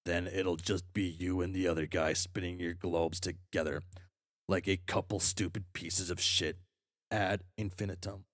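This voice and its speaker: A man reading aloud as a furious, foul-mouthed young male troll, ranting and swearing at himself in shouted tirades. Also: low-pitched, level tone, a little slow, no room sound, clean studio sound. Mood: bitter.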